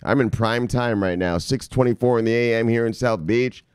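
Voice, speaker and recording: A man hosting a casual crypto vlog, talking loosely and with profanity, shouting "bang" as a catchphrase. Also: medium pitch, normal speed, clear, resonant tone, no room sound, studio quality. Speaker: crypto news host. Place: home studio in South Beach.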